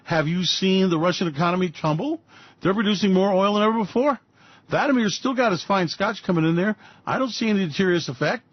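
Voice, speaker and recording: A man's voice: sits high, quick pace, dry recording. Profane, sarcastic ranting man. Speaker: radio show host. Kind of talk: ranting market commentary. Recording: dull dry lo-fi recording.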